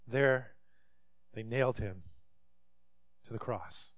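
A man's voice: mid-range voice, slow, dry recording. Pastor preaching a sermon, man. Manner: reads scripture aloud and voices quoted speakers dramatically.

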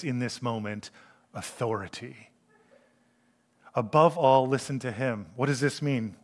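A man preaching a sermon in an animated way, acting out the voices he quotes. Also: mid-range voice, a little slow, long pauses, big-room sound.

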